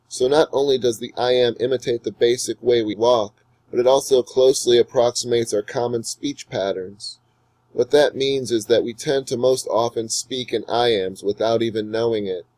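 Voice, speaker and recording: A man teaching English poetry in a recorded lecture, explaining meter clearly and reading verse slowly and deliberately. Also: medium pitch, a little mellow, no room sound, poor audio.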